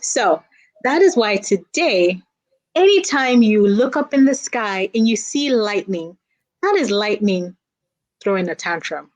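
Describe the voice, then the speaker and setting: A woman's voice: mid-range voice, expressive, a little slow, low-quality recording. A woman who writes children's books, telling a folktale aloud in a playful way and drawing the listener in with call-and-response. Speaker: children's book author and guest.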